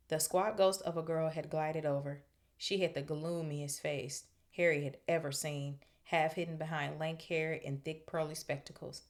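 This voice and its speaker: A woman's voice: sits low, steady tone, normal speed. A woman hosting a book club podcast, reading a novel aloud and breaking off for chatty, slangy asides. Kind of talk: book reading with casual commentary.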